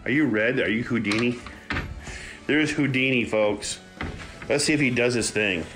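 A man who breeds dogs, chatting casually to viewers while filming his puppies at play and often cooing to them in a high voice. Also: normal speed, music in the background. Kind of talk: casual running commentary to viewers.

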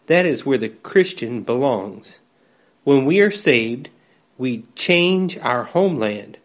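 A man delivering a slow, measured devotional sermon, reading scripture aloud. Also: mid-range voice. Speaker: preacher.

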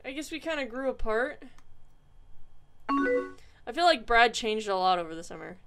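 A woman reading aloud the chat lines of a sad young woman after a breakup, in a soft, plain reading voice. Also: a little high, sing-song, moderate pace, over loud music. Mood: wistful. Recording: typing and clicks behind voice.

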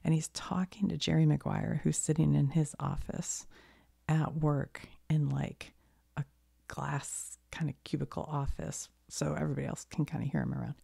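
A woman with a cold talking in a soft-spoken ASMR style, half whispering and rambling gently, correcting herself as she goes. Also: sits low, little pitch movement, moderate pace, dry recording, clean studio sound. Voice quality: soft, breathy whisper drifting in and out. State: has a cold. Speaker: ASMR creator.

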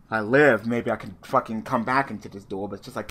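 A man's voice: fairly low pitch, fast talker, slight background noise. A man giving casual live commentary on his online card game match, swearing freely and talking at his opponent. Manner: profane, excitable, talks to his opponent.

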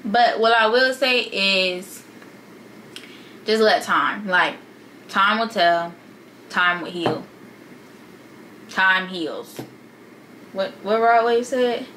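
A woman's voice: medium pitch, drawn-out words, long pauses, a bit bright, a little hiss or hum, poor audio. A young woman vlogger giving casual, sassy advice straight to her viewers in slangy talk.

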